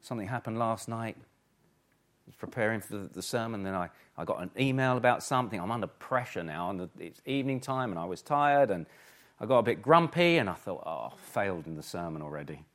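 A man preaching a sermon, emphatic, full of rhetorical questions, swinging between forceful and hushed. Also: fairly low pitch, expressive, fairly quick. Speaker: pastor.

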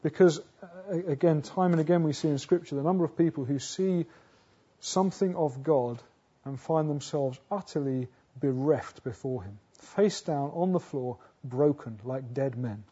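Man, sermon, husky mellow voice, emphatic swells, rhetorical questions, muffled lo-fi recording. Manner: earnest, building to loud emphatic peaks, then dropping low; halting restarts and rhetorical questions. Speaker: preacher. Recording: dull lo-fi sound.

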